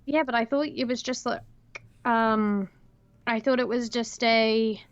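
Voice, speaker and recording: A young woman joins the stream from afar. Her voice sits a bit high and comes through slightly dull and muffled. She rambles with lots of "like" and "um" and giggles between her thoughts. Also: steady tone, unhurried. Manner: rambling, filler-heavy, giggly. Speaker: co-host. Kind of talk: casual livestream chat.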